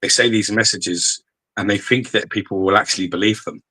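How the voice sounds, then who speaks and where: A man co-hosting a podcast in casual chat, blunt and animated, swearing freely. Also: lowish voice, fairly quick. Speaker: podcast co-host. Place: podcast studio.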